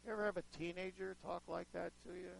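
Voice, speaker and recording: A man preaching a sermon to a live audience, chatting with them and asking questions, with sudden swings in loudness as he acts out voices. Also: sits high, little pitch movement, fast, gravelly, a little hiss or hum, poor audio. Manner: conversational, asks the audience questions; dramatic shifts in loudness, acts out quoted voices.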